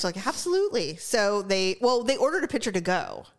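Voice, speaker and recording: Animated, laughing woman telling a story. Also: mid-range voice, normal speed. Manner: animated storytelling, laughing often, acting out other people's lines. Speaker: podcast co-host. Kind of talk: casual chat.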